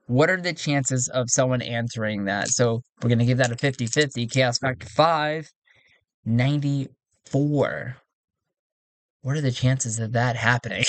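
Male solo game narrator, musing aloud over dice rolls, mid-pitched, dry close mic. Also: no echo. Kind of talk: solo tabletop role-play narration. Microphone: close desk microphone.

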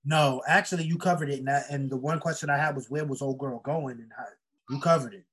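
Relaxed co-host with a husky voice, mid pitch, easygoing and quick to chuckle. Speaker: podcast co-host reviewing a movie. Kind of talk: casual chat.

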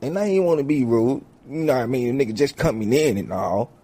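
A man's voice: medium pitch, fast, slightly rough. A man telling a comic story full of swearing, acting out each character as he goes. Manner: swears heavily, animated, acts out each character. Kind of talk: profane comedic storytelling.

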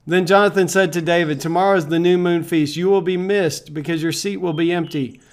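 A man leading a devotional Bible reading, calm and measured, pausing with fillers as he reflects. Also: high voice.

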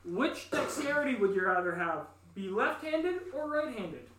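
A man's voice: high voice, big pitch swings, moderate pace, a bit bright. A Canadian man reading questions on a podcast, teasing the others dryly. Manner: dry, teasing. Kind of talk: reading questions, casual chat. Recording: echoey room.

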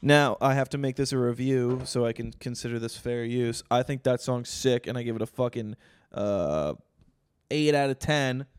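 A man co-hosting a casual podcast chat, his voice smooth and resonant. He tells stories with a lot of swearing and animated bursts. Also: mid-range voice, moderate pace, dry recording. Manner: profane, animated storytelling. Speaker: podcast co-host.

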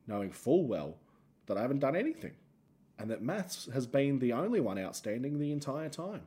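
A man's voice: mid-range voice, very animated, moderate pace, warm tone. An Australian man hosting a solo podcast, rambling and self-mocking as he tells stories. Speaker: podcast host and comedian.

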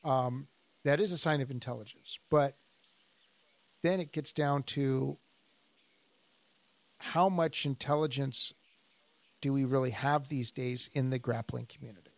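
A man co-hosting a podcast as a jiu-jitsu instructor, telling stories in a casual, animated way and acting out the people he quotes. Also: mid-range voice, measured pace, creaky, long pauses, dry recording. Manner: animated storyteller, acts out quoted dialogue.

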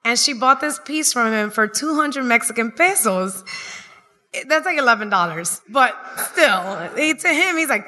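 A woman doing stand-up comedy, telling a lively story to a live audience and acting out the people she quotes. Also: on the high side, unhurried. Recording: long hall reverb.

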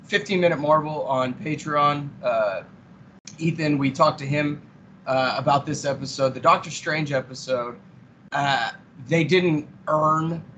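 A man's voice: mid-range voice, moderate pace, a bit bright, a little hiss or hum, low-quality recording. A man co-hosting a podcast, giving blunt, critical opinions in casual chat. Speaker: podcast co-host.

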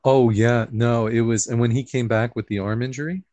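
A man's voice: mid-range voice, fairly even intonation, normal speed, warm tone, dry recording. A man co-hosting a casual wrestling podcast, agreeable and easygoing. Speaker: podcast co-host. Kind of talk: casual wrestling recap chat.

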